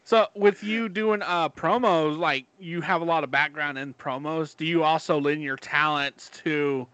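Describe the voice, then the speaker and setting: Bright-voiced male podcast co-host. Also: fairly high pitch, fairly even intonation, a little slow, clear, resonant tone, dry recording, lo-fi sound. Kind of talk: casual podcast interview.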